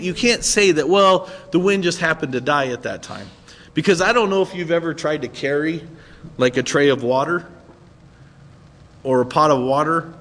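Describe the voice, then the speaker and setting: A man's voice: fairly high pitch, in a large hall. A man preaching a sermon in a conversational way, often checking in with his listeners. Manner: conversational, asks listeners "right?". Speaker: pastor.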